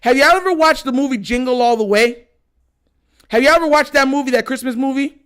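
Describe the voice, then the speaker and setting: Livestream host, man in his 30s, very high voice, animated and slangy. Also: fairly quick, clear, resonant tone. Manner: animated, slangy, talks to chat. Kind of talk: casual livestream storytelling.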